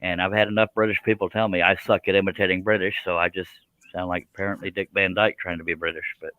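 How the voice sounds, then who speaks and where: A man's voice: deep voice, little pitch movement, fast, dry recording, narrow, tinny audio. A man with a Texan accent hosting a live stream, joking and laughing often. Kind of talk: casual chat on a live stream.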